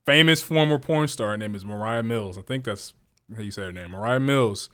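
A man's voice: fairly low pitch, brisk, no echo, clean studio sound. A man in his twenties hosting a casual podcast. He tells stories animatedly, with frequent restarts. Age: 20s. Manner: animated, excitable storytelling with repeated restarts. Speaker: podcast host. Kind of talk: casual chat.

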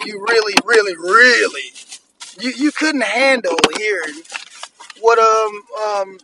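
A man's voice: high-pitched, lively intonation, takes it slowly, sharp tone, slight background noise, poor audio. A man in his thirties hosting a podcast, ranting bluntly and profanely in an annoyed tone. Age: 30s. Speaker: podcast host. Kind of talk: solo podcast rant.

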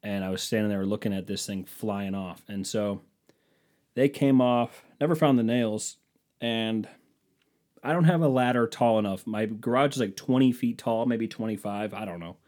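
A man's voice: fairly low pitch, normal speed, a little mellow. A man telling stories in a casual monologue, sardonic and profane, mimicking people in mocking voices.

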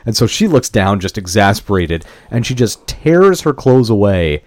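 A low-voiced man co-hosts a casual podcast, teasing his partner with jokey interjections. He often stammers and restarts. The sound is dry and close. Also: very animated, moderate pace, darkish tone, dry recording. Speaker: podcast co-host. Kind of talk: casual chat.

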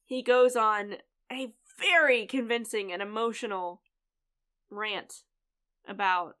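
A woman's voice: medium pitch, slow pace, bright, forceful tone, clean tone. A woman co-hosting a casual TV recap podcast, swearing freely and laughing often. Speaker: podcast co-host.

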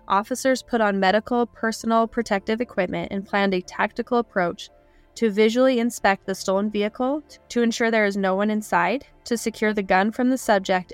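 A woman co-hosting a true crime podcast, reading case details in a sombre, even way. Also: mid-range voice, a little fast, soft background music. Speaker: podcast co-host.

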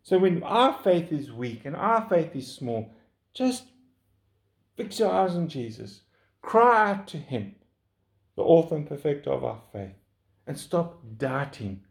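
A man preaching a sermon in an earnest, pleading way that lifts in pitch when he urges his listeners. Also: sing-song, measured pace, vocal fry.

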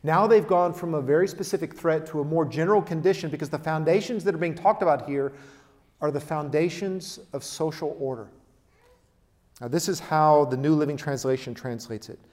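A man preaching a sermon, emphatic, swinging between loud declarations and quiet asides. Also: fairly high pitch, a little fast. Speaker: pastor. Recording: long hall reverb.

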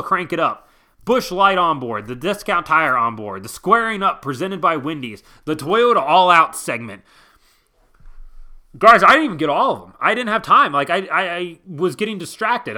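A man rants about racing in a very bright, lively voice that swings widely in pitch. He is blunt and exasperated, and he swears freely as he talks. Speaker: motorsport vlogger. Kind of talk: casual ranting commentary.

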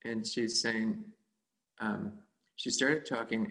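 Gravelly man telling a rambling story. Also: on the low side, fairly bright tone, poor audio. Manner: halting, many fillers and self-corrections. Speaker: volunteer cook. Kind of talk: casual storytelling.

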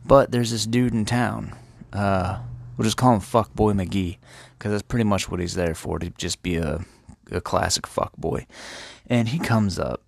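A man's voice: fairly low pitch, a little slow, creaky, dry recording. A man hosting an irreverent, profanity-heavy comedic retelling of a classic tale. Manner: profane, irreverent, laid-back. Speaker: host.

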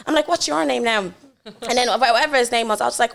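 A young woman talks at a breakneck pace on a podcast, her voice a little high. She retells exchanges in quoted dialogue, with "like" all through. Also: gravelly. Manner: rapid, full of "like", retells dialogue. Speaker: podcast guest. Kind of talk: casual chat.

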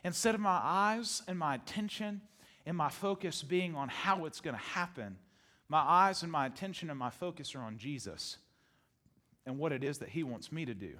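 A male pastor preaching a sermon to his congregation, animated, repeating phrases for emphasis and laughing often. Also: fairly high pitch, normal speed. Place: church sanctuary with congregation.

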